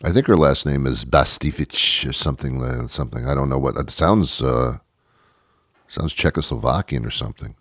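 Low-voiced man rambling sarcastically. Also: moderate pace, slightly rough, no room sound, studio quality. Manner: rambling, self-interrupting, sarcastic. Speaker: podcast host. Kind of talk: rambling comedic monologue.

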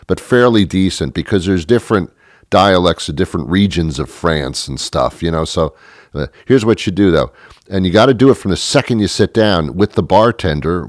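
A man's voice: deep voice, no room sound. A man delivering a rambling, joking comic monologue full of mock advice. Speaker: comedic monologue host.

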